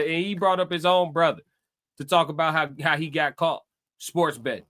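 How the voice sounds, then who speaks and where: A young man reacting to a podcast clip as commentator, loud and mocking, full of slang and laughing often. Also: on the high side, fairly even intonation, moderate pace.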